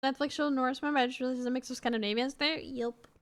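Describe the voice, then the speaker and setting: Woman streamer, swedish accent, high voice, chatty, laughs a lot. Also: steady tone, fast talker. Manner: chatty, laughing, greets viewers. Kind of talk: casual chat reacting to videos.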